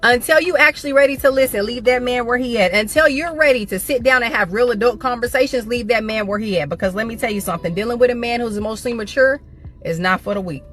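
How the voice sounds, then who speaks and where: A woman's voice: on the high side, fast, fairly bright tone, faint music behind. A woman giving relationship opinions in an assertive, preachy way.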